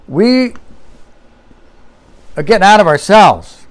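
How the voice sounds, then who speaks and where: A man with a fairly high, smooth and clear voice preaches a sermon. He talks earnestly, swinging his voice up and down for emphasis and slowing down to read quotations. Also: expressive. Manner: earnest preaching, rises and drops his voice for emphasis, reads quotes slowly. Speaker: pastor.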